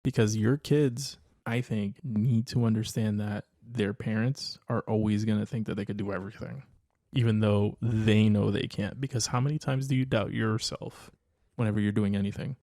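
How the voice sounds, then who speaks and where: A man's voice: on the low side, steady tone, moderate pace, mellow, dry recording, studio quality. A man co-hosting a podcast as a father, talking in a reflective, hedging way and laughing easily. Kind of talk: casual chat.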